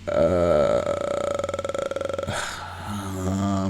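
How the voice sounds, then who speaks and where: A man reading a visual novel aloud with joking commentary, playful and animated, sometimes sinking to a whisper for the eerie lines. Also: on the low side, very slow, long pauses, slight background noise. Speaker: YouTuber.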